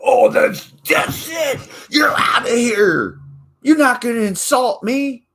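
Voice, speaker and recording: A man voicing an indignant person who yells in high-pitched outrage at an insult. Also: expressive, takes it slowly, vocal fry, exaggerated voice. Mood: outraged. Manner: shrill, outraged yelling. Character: indignant person shouting in offense.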